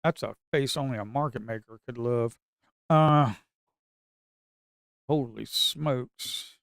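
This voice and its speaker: A day trader gives casual live commentary on a slow market, grumbling, addressing his viewers as "folks," and breaking into sudden excited outbursts. His medium-pitched voice is creaky, captured at studio quality with no room sound.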